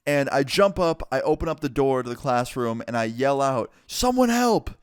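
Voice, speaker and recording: Smooth-voiced young-sounding man telling a story. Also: mid-range voice, dry recording, clean studio sound. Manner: chatty, quick to act out people he quotes, lots of "like". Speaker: storyteller vlogger. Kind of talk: casual story time narration.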